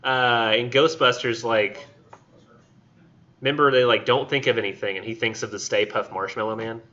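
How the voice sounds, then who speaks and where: A man's voice: medium pitch, steady tone, moderate pace, pushed and bright. Rambling man lecturing a class. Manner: rambling, filler-heavy, acts out silly voices. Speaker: college literature instructor. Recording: dull lo-fi classroom recording.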